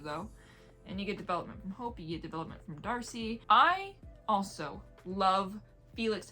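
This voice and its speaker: On the low side and sharp in tone, a woman's voice carries a rambling, casual video review of an audiobook. The reviewer laughs frequently, wanders onto tangents, and whispers playfully when imitating vampires.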